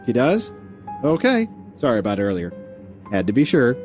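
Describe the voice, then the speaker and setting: A man's voice: medium pitch, wildly swooping pitch, moderate pace, darkish tone, soft background music. An actor playing a blunt, brusque young man doing his job as a doorman. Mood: defensive.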